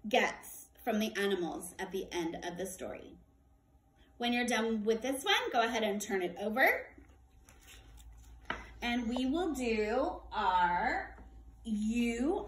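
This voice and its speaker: Kindergarten teacher woman, high bright voice, unhurried sing-song delivery with repeat-after-me prompts, recorded in an echoey room. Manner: slow, clear, sing-song teacher talk with call-and-response prompts. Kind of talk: distance-learning workbook lesson for young children.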